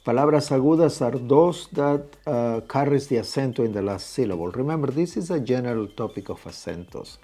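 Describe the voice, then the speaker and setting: A man's voice: medium pitch, animated, mellow. Patient man teaching. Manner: patient, repeats key points, stretches syllables slowly. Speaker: Spanish teacher. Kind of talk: explaining at a whiteboard.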